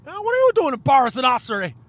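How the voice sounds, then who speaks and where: A man putting on a rowdy drunk heckler who jeers and taunts in a much higher voice. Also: wildly swooping pitch, racing, fairly bright tone, full character voice. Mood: jeering.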